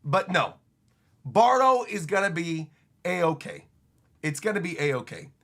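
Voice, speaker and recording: A man streaming a comic reaction live, excitable and emphatic, who often repeats himself. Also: high voice, unhurried.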